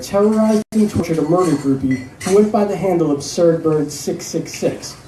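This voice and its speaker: Author reading aloud in an echoey room. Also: male voice, high-pitched, distant mic, slight background noise. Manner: steady storytelling narration. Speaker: author reading his novel. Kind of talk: live fiction reading. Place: live event venue.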